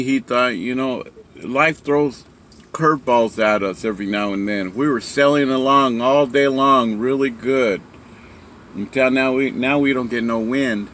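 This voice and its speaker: Man in a casual storytelling talk, rambling delivery, bright tone, faint background hum. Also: medium pitch, unhurried. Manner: rambling, many fillers and restarts. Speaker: speaker sharing a story.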